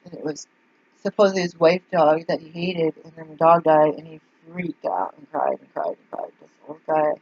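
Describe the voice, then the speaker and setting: A woman's voice: low-pitched, fairly even intonation, normal speed, slightly rough, no echo. A woman telling a meandering story in a casual vlog, full of fillers and asides. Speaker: vlogger. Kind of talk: casual rambling monologue. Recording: dull lo-fi dry recording.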